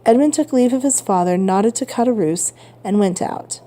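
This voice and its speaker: A woman reading a novel aloud as a steady, measured audiobook narration. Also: mid-range voice. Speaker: reader.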